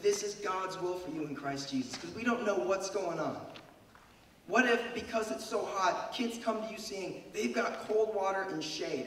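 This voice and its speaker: A man who is losing his voice gives a devotional talk to a group of young people, telling a story and asking the crowd questions. His voice sits high and a bit bright, with slight background noise. The hall is echoey, and he stands far from the mic.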